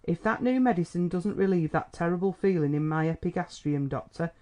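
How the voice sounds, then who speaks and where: A man putting on a sour, grumbling village hypochondriac in a storybook, acid and self-pitying, with rustic speech. The voice stays mellow and warm. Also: on the high side, brisk, close to an everyday voice. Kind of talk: audiobook character reading.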